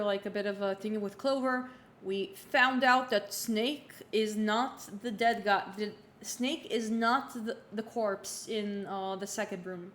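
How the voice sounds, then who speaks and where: A young woman streams from home, talking loosely with lots of fillers and restarts. Her mid-pitched voice has a roomy echo, and a faint hum sits under it. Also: fairly bright tone. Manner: rambling, many fillers and restarts. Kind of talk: casual livestream chat while playing.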